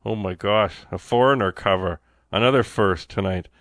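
A man's voice: fairly low pitch, normal speed, fairly bright tone, dry recording, clean studio sound. A man working as a radio DJ, back-announcing songs in a casual, chatty way with enthusiastic exclamations.

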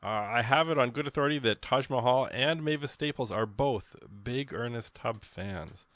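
A man's voice: mid-range voice, moderate pace, fairly bright tone, dry recording. A man hosting a radio show, chatting casually in a rambling, folksy way with plenty of ums and uhs. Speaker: radio host. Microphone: studio microphone.

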